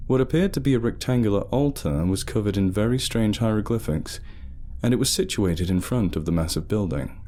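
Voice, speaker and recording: A man narrating a story in an animated, sardonic way. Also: lowish voice, fairly quick.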